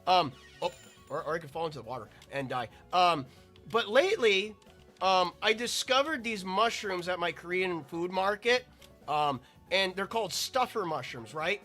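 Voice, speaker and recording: A man's voice: high voice, animated, normal speed, pushed and bright, faint music behind. A man giving rambling, chatty commentary while playing a video game. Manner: rambling, chatty, self-interrupting. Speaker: gaming video creator. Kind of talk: casual gameplay commentary.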